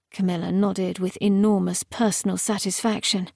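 A woman's voice: medium pitch, dry recording, clean studio sound. Woman narrating a fantasy audiobook. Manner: measured, even storytelling.

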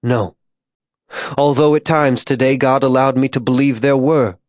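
A man voicing a tormented religious zealot who speaks to a child in a hushed, tender way. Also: mid-range voice, steady tone, moderate pace, no echo, studio quality, close to an everyday voice. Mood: preaching.

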